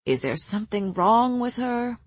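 A woman voicing an ancient female healer who speaks slowly with blunt, quiet firmness. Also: on the high side, lively intonation, no echo, voice pushed up. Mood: grave. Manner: slow, measured, quietly firm.

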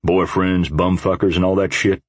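A man's voice: low-pitched, flat delivery, normal speed, no room sound. A man voicing a crude biker who taunts his brothers. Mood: taunting.

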